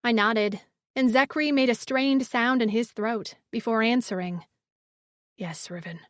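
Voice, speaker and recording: A woman narrating a first-person fantasy audiobook in a measured storytelling manner. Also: a little high, dry recording, studio quality.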